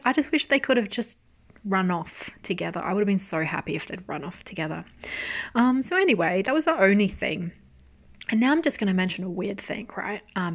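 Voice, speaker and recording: Chatty woman reviewer, casual recap, loose and animated, swears freely. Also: medium pitch. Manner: chatty, animated storytelling with frequent swearing and laughs. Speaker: drama reviewer. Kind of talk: casual chat.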